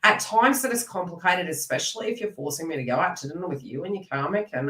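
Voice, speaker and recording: A woman's voice: lowish voice, lively intonation, quick pace, hardly any pauses, pushed and bright, reverberant, recorded from a distance, poor audio. A woman giving a live card reading, speaking earnestly and rambling, and talking straight to viewers by name. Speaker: psychic card reader.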